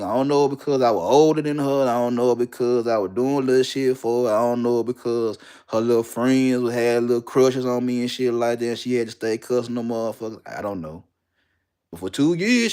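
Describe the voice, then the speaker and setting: A man's voice: medium pitch, a little fast, few pauses, mellow, clean tone. A young man, telling a candid personal story bluntly and with lots of profanity, repeating lines for emphasis.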